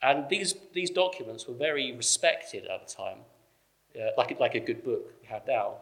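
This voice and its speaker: A man's voice: mid-range voice, sing-song, moderate pace, creaky, fairly bright tone. A man giving a conversational church teaching talk, explaining early Christian writings with frequent fillers. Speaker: preacher.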